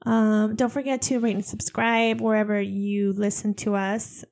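A young woman co-hosting a podcast in casual chat, giggly and animated, laughing often. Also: mid-range voice, measured pace, gravelly. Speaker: podcast co-host.

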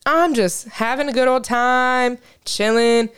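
A young woman co-hosting a casual podcast, telling animated stories and swearing freely. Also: a little high, slow pace, smooth. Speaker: podcast co-host. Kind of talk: casual chat.

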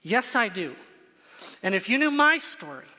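A man's voice: high-pitched, sing-song, normal speed, pushed and bright, big-room sound. A man preaching a sermon to his congregation, earnest and emphatic, repeating phrases for stress. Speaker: pastor.

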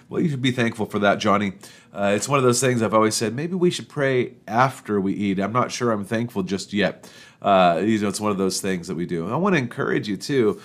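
Chatty pastor telling jokes. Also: male voice, fairly low pitch, lively intonation, moderate pace. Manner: chatty, laughs at his own jokes, acts out quotes. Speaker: pastor and podcast host. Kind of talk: casual storytelling talk.

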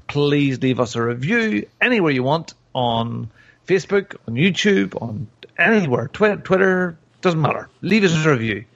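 A man's voice: a little high, sing-song, moderate pace, gravelly, fairly bright tone, dull audio. Upbeat male podcast host. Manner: enthusiastic, upbeat. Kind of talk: casual podcast sign-off.

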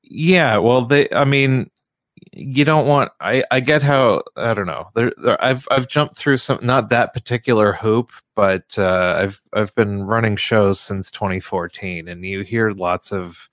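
A man hosting a casual radio talk show, speaking in a halting way with frequent restarts and fillers. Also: fairly low pitch, a bit bright, no echo, clean studio sound. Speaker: radio show host and comedy show runner.

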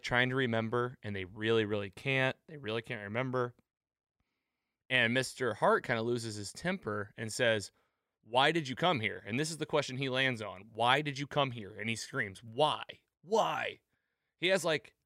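A man's voice: mid-range voice, smooth, no echo, studio quality. A man hosting a casual podcast recap, acting out quoted lines as he talks. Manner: animated, acts out quoted lines. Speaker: podcast host.

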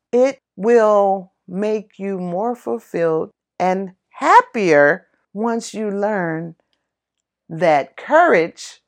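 A woman giving a heartfelt motivational talk, encouraging and exclamatory. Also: mid-range voice. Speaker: motivational speaker.

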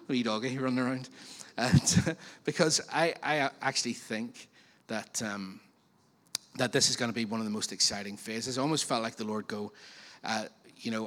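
A man preaching a sermon as pastor, in a chatty, animated way with frequent questions to the congregation. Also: mid-range voice, normal speed. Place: church auditorium. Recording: long reverb of a church hall.

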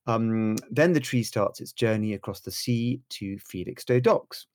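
A man's voice: lowish voice, measured pace, darkish tone, dry recording, clean studio sound. A man co-hosting a podcast, reading facts aloud with a gushing, theatrical manner. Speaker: podcast co-host. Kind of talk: casual chat reading facts.

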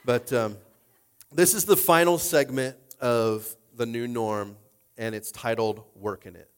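A man's voice: mid-range voice, unhurried, clean tone. Tearful man pastor, rambling and casual. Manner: casual, emotional, rambling with many fillers. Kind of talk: sermon.

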